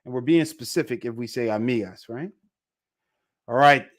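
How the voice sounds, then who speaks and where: An easygoing man leads a live online Spanish class in a mid-range voice. He talks casually to his viewers and slows down to repeat Spanish phrases clearly for pronunciation. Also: mid-range voice. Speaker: Spanish teacher. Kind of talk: live online language lesson.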